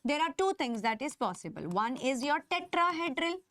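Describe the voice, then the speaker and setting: A woman's high, fairly bright voice, marked by big pitch swings and free of room sound, teaches a live online chemistry class in an Indian English accent. Emphasized terms are drawn out, and she checks in with students constantly.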